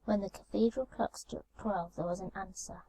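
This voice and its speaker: A woman reading a storybook tale calmly and gently, in a soft ASMR story reading recorded binaurally. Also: mid-range voice, normal speed, gravelly, rough recording. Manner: calm, gentle. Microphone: binaural microphone.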